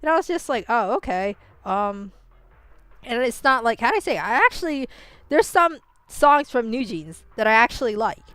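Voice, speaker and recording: A woman's voice: fairly high pitch, big pitch swings, moderate pace, fairly bright tone, no echo. A woman streaming a game and chatting casually with her viewers, rambling and swearing freely, with many "like" fillers and restarts. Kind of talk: casual live-stream chat while gaming.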